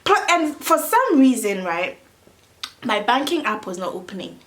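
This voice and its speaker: A young adult woman telling a story in a casual vlog, chatty and animated, with many "like" fillers. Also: a little high, moderate pace. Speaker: vlogger.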